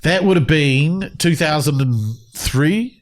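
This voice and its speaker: Middle-aged man, sales-trainer guest; slightly high voice, blunt and provocative. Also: slow. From United Kingdom. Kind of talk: podcast interview.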